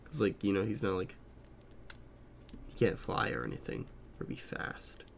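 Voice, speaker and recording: Low gravelly man chatting casually. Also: very animated, normal speed, a little hiss or hum. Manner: rambling, lots of fillers and swearing. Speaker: podcast co-host. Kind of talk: casual chat.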